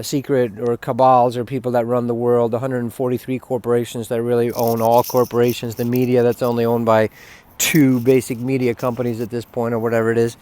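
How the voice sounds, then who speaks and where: A man's voice: medium pitch, darkish tone. A man giving a rambling, emphatic spiritual talk on a webcast. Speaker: spiritual teacher.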